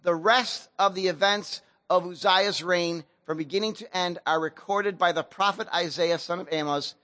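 A man pastor retelling a scripture story in relaxed, slangy speech, with a high and bright voice. He speaks with lively, animated emphasis. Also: moderate pace, no room sound. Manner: casual slang-laced preaching, animated storytelling. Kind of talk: sermon.

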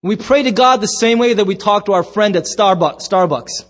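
A middle-aged man preaching a sermon as pastor, emphatic, swinging from loud bursts to hushed low lines. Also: normal speed.

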